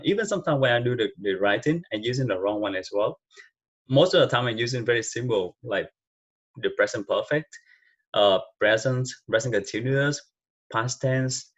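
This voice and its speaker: A man's voice: medium pitch, slightly rough, dull audio. A man with a Vietnamese accent, a native Vietnamese speaker, giving speaking tips in loose, rambling casual talk full of fillers. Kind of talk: casual unscripted advice talk.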